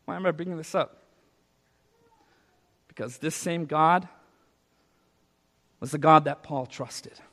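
A man with a high voice preaches a sermon, shifting between hushed reflection and loud, emphatic declarations. His voice carries a long reverb through a large hall. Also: takes it slowly, long pauses. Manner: dynamic preaching, swinging from soft to loud. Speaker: pastor.

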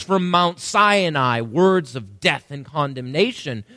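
A man's voice: a little high, lively intonation, slow, hardly any pauses, sharp tone, dry recording, studio quality. A male pastor preaching an emphatic sermon and asking the congregation questions.

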